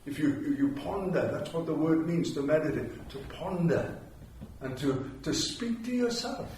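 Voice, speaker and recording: Older man, Welsh accent, sermon, fairly high voice, heavy chapel echo, distant mic. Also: expressive, measured pace, a little mellow, slight background noise. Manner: storytelling, repeats phrases for emphasis. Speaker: preacher. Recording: very echoey chapel, mic far off.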